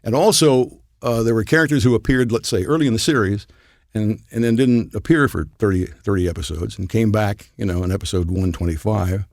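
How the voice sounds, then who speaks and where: A man's voice: fairly low pitch, fairly quick, darkish tone, no echo, studio quality. An older man, a voice actor guest, telling rambling anecdotes with chuckles in a casual podcast chat.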